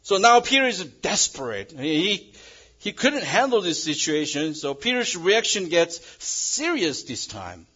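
A man preaches a sermon in English that is not his first language. He moves between dramatic loud emphasis and quiet, hushed moments, and his pitch rises and falls widely. His voice is husky, and the recording sounds muffled. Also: very animated, a little slow. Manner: non-native English phrasing. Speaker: pastor.

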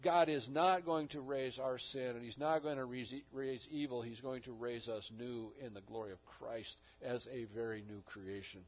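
A man's voice: medium pitch, fairly even intonation, normal speed, hardly any pauses. A man preaching a sermon as pastor, earnest, with rising and falling emphasis. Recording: dull lo-fi recording.

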